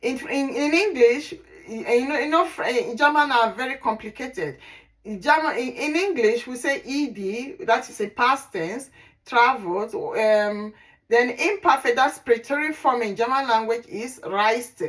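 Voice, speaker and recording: Slow, deliberate woman teaching languages. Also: a little high, rough recording. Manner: slow, deliberate, repeats words for practice; frequent fillers and self-corrections. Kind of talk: slow spoken language lesson.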